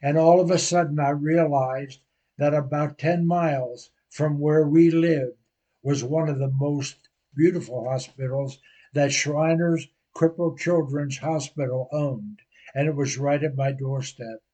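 An older man preaching a sermon, telling a personal story slowly and earnestly. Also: on the high side, steady tone, dark tone. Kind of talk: sermon testimony.

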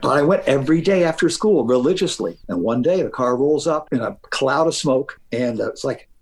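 A man telling an animated story as an interview guest, often stammering and restarting. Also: medium pitch, a little fast. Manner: lively, stammering restarts, acts out dialogue.

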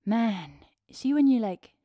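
A woman's voice: fairly high pitch, animated, slow pace, dry recording, clean studio sound. A woman hosting her own podcast, talking freely and chattily with lots of fillers, a little out of breath. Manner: chatty, warm-hearted, free-flowing with fillers. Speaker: podcast host. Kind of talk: casual solo podcast talk.

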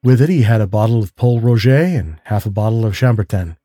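A man narrating a mystery story in a calm, measured way. His voice is lowish and husky, and it comes across dry and close to the mic. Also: no room sound. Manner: measured, steady reading. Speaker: narrator and host of a story show.

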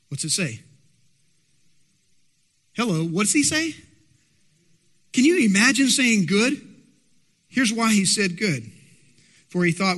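A man's voice: high voice, expressive, slow, long pauses, fairly bright tone. A man preaching a sermon as pastor, emphatic and asking the congregation rhetorical questions. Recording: long hall reverb.

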